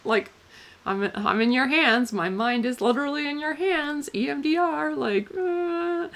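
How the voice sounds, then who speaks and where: A woman's voice: high-pitched, measured pace, a bit bright. A woman vlogging to camera in a rambling, giggly, casual confessional way, full of "like" and "um".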